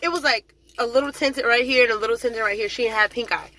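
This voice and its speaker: A woman's voice: a little high, quick pace, bright, forceful tone, dry recording. A woman drill sergeant chatting casually in a vlog, dramatic and full of fillers.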